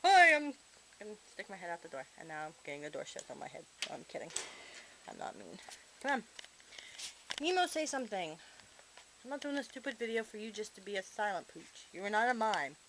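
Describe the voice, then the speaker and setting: Woman teasing her pet bird at home, playful, average pitch, hissy camcorder sound. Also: very animated, a little fast. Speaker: pet owner filming her parrot. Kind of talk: casual talk to a pet on camera. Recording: noisy home camcorder audio.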